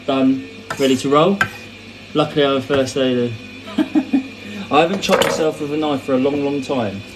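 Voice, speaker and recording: Chatty man cooking in a noisy kitchen. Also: mid-range voice. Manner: chatty, rambling, answering viewer comments with asides. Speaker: cooking host. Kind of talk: casual cooking livestream demonstration.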